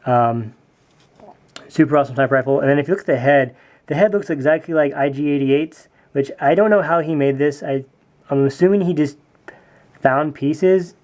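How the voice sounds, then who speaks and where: A man's voice: mid-range voice, a little mellow. A man casually reviewing a custom toy build, speaking with enthusiasm and often repeating his words of praise. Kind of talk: casual product review video.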